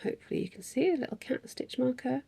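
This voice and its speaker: A woman's voice: high voice, lively intonation, quick pace, vocal fry, mellow, slightly rough. A woman in a casual craft vlog, chatting in a rambling way with frequent ums and little laughs. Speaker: craft vlogger. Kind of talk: casual chat.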